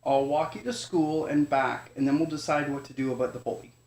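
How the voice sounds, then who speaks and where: A man voicing a gentle, caring mother raccoon in a bedtime storybook, in a soft, soothing tone. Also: a little high, a little fast, natural voice. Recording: echoey room.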